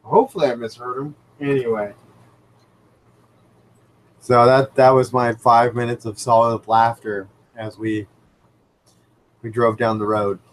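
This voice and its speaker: A man talks into a computer mic at home beside his fish tank, hosting a relaxed livestream. He rambles through his stories with plenty of fillers and restarts, his voice sitting at an ordinary middle pitch for a man. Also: slow, long pauses, poor audio. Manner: animated storyteller, rambling with many fillers. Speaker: livestream host. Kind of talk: casual live chat and anecdote. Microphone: computer microphone.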